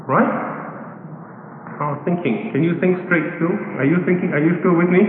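A fairly high-voiced man preaches a sermon in a big echoing hall, firing teasing rhetorical questions at his listeners. The recording sounds thin and phone-like, with a long, roomy reverb and a faint hiss. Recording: tinny, echoey hall recording.

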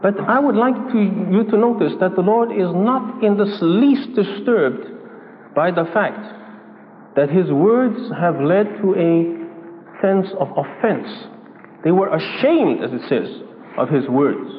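High-voiced preacher in a tinny hall. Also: male voice, lively intonation, a little hiss or hum. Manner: deliberate, repeats phrases, voices mock quotes. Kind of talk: sermon. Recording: tinny phone-like sound in a reverberant hall.

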